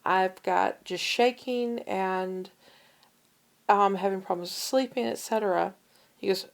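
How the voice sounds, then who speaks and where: Gravelly-voiced woman telling a story. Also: medium pitch, measured pace. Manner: storytelling, animated when quoting others. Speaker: podcast co-host. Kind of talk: casual chat.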